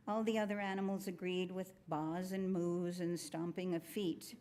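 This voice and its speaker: Woman, storyteller, children's story read aloud, gentle, low pitch, faint rumble behind. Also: fairly even intonation, normal speed, few pauses. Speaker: storyteller at a worship service.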